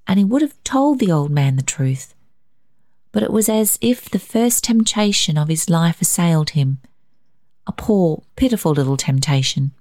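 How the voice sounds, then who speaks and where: A woman reading a gentle story aloud as narrator. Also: low voice, no room sound, studio quality. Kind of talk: scripted narration.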